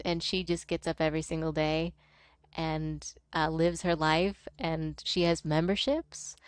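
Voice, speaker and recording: Laid-back profane woman streamer, low voice. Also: no echo. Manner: rambling, profane, laughing often. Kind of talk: casual chat while gaming.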